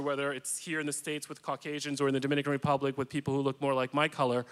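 Man, slightly high pitch, earnest, emphatic, panel discussion. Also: a bit bright. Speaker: executive coach.

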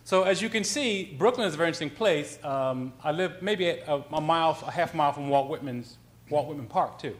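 A man, an author, giving a talk and telling a story in a conversational, animated way, with frequent restarts. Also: on the high side, a little fast, hardly any pauses. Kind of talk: lecture with storytelling.

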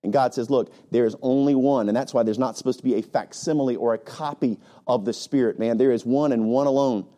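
A man's voice: medium pitch, fairly even intonation, fairly quick, hardly any pauses, mellow. A male pastor preaching a sermon with emphatic rhetorical questions and frequent "right?" asides, sometimes mocking other preachers.

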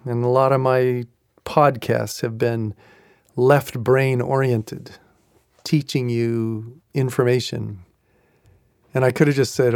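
A man's voice: mid-range voice, steady tone, unhurried, vocal fry, darkish tone, dry recording, clean studio sound. A man hosting a devotional podcast, teaching in an earnest, reflective way and repeating key phrases. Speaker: podcast host and Christian teacher.

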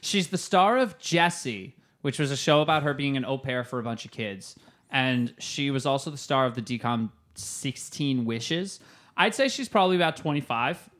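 A man's voice: medium pitch, normal speed, a bit bright. Joking male podcast co-host. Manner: joking, rambling storyteller. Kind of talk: casual comedic podcast chat.

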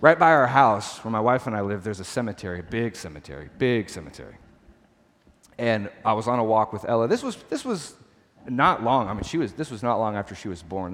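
A man's voice: mid-range voice, fairly bright tone. A man in his thirties preaching a sermon in an earnest, conversational way, repeating and restarting phrases. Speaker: pastor. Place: church hall. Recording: long church hall reverb.

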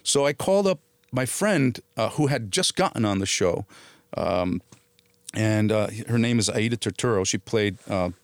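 Middle-aged actor, casual storyteller; dry, close-miked studio sound. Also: male voice, on the low side, moderate pace, dry recording. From New Jersey area. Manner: animated anecdotes, quotes people in dialogue. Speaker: actor, interview guest.

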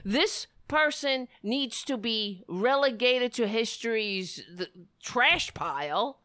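A woman vlogger angrily ranting in reaction to a news clip, swearing often and breaking off into halting restarts. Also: on the high side, animated, fairly bright tone, dry recording, studio quality. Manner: indignant, profane, halting restarts. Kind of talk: angry reaction rant.

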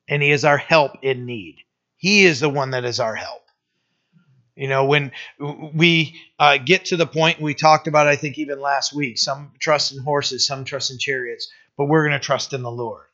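Male preacher, bright tense tone, muffled lo-fi church tape. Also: on the high side. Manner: conversational preaching with restarts and rising emphasis. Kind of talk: sermon.

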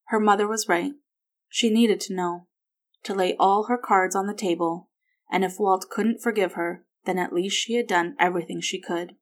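A woman narrating a story in a steady, even reading voice. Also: medium pitch, normal speed.

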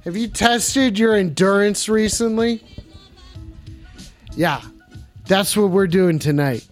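A man's voice: high voice, slow, soft background music. A man hosting a live call-in show in a clumsy put-on French accent, playful and rambling.

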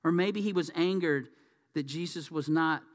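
A man's voice: fairly high pitch, normal speed. A man preaching a sermon in a conversational, folksy way. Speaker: pastor. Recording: reverberant hall.

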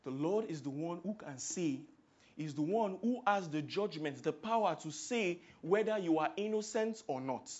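A man with a Nigerian accent preaching a sermon, swinging from hushed, quiet passages to loud, emphatic outbursts. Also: on the high side, animated, normal speed, dull audio.

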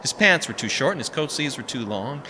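A man reading a story aloud in a wry, measured narrating manner. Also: mid-range voice, big pitch swings, noisy background. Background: music.

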